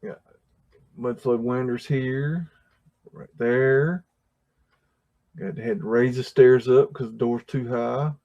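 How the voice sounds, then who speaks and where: Slow and steady, with long pauses, a man's slightly mellow mid-range voice comes through lo-fi sound. He's hosting a livestream and casually rambling about old photographs, with many fillers, restarts and chuckles.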